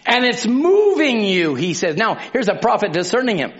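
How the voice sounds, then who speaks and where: A man preaching a sermon, telling stories from his own life with animated, dramatic delivery and occasional bursts of shouting. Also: sits high, normal speed. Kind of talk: sermon with personal testimony. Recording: dull lo-fi sound.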